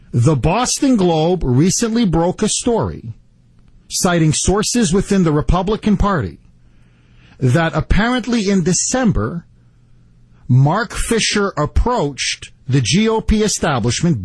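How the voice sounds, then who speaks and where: Emphatic talk-radio man, husky voice. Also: on the high side, dry recording. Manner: emphatic, stresses words, acts out quotes. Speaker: radio talk show host. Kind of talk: political talk radio monologue.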